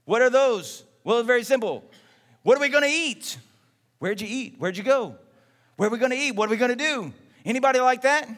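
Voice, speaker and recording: Man preaching, from Texas, high voice, conversational and animated, long hall reverb. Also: a little fast. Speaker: pastor. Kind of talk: sermon.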